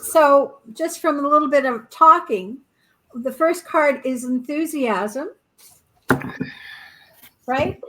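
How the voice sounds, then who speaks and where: A woman co-hosting a casual spiritual podcast, reading oracle cards in an encouraging, animated way. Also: high voice, slow pace, long pauses, poor audio. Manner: encouraging, animated, acts out little quotes.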